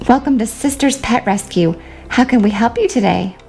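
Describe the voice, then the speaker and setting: A woman's voice: a little high, moderate pace, creaky, darkish tone, soft background music. A woman voicing chirpy doll sisters. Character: two cheerful young sisters running a pet rescue.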